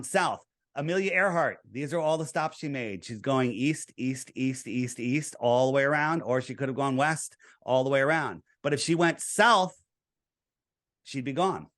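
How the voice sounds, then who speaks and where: A man as an interview guest, explaining his views in an earnest, lecturing way and walking through figures step by step. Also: on the high side.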